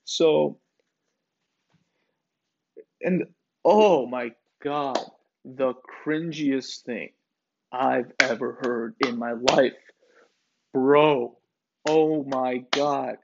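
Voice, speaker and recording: A podcast host delivers a casual, ranting monologue that is sarcastic, profane, rambling, and full of fillers. His medium-pitched, gravelly voice moves very slowly with long pauses, and the dull lo-fi recording carries background noise.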